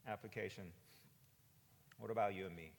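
Male pastor, forties, lowish voice, chatty preaching that swells loud, long hall reverb. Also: fairly even intonation, brisk, vocal fry. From United States. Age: 40s. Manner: conversational preaching, asking "right?" often, builds to loud emphatic peaks. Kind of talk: sermon.

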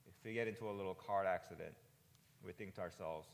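A pastor in his forties preaching a sermon in a conversational way, often asking "right?" and rising to loud, emphatic peaks. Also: sits low, fast talker, gravelly, long reverb tail. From United States. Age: 40s.

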